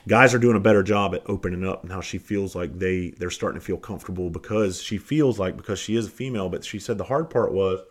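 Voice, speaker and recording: A man's voice: low-pitched, quick pace, few pauses. A man hosting a podcast, telling a story in a blunt, profane, rambling way. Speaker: podcast host. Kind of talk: casual storytelling.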